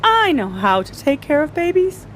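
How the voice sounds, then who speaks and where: A woman's voice: high voice, big pitch swings, normal speed, a bit bright, slight background noise, pitched above the performer's own voice. A woman playing an exasperated schoolteacher. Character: flustered female schoolteacher, exasperated.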